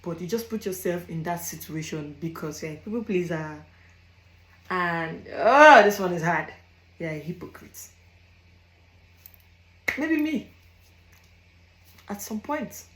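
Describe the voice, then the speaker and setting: A woman's voice: fairly low pitch, expressive, takes it slowly, long pauses, fairly bright tone, echoey room, rough recording. A young African woman giving blunt advice in a casual monologue, stressing her points by repeating phrases. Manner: emphatic, repeats phrases, laughs between points. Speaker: vlogger.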